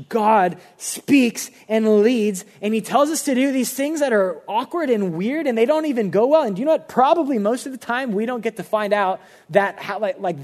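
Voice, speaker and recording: A young man preaching a sermon in a casual, conversational way, full of fillers, acting out the people in his stories. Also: sits high. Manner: acts out dialogue in shifting voices. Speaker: pastor.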